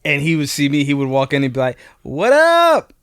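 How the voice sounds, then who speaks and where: A man co-hosting a podcast in relaxed, casual chat, with a mid-range voice. He is plain-spoken and often stops and restarts as he talks, and the sound is dry and close. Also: medium pitch, clean tone, no echo. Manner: laid-back, plain-spoken, halting restarts. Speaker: podcast co-host.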